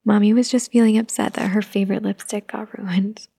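A woman playing a gentle, patient young mother who softly coaxes her toddler, in a whispered role-play. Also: mid-range voice, fairly even intonation, unhurried, gravelly, no echo. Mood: soothing. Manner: soft, coaxing, motherly.

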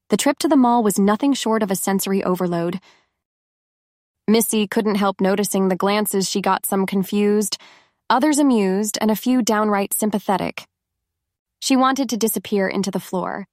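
A woman narrating a scripted story in an even, measured way. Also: mid-range voice, dry recording, studio quality.

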